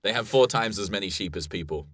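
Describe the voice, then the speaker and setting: A young man with an Australian accent, talking in a lowish voice on a comedy podcast. He rambles playfully from one aside to the next and laughs a lot. His voice sounds dry and close, with no room echo. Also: animated, fast, a bit bright. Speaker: co-host. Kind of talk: improvised comedy podcast chat.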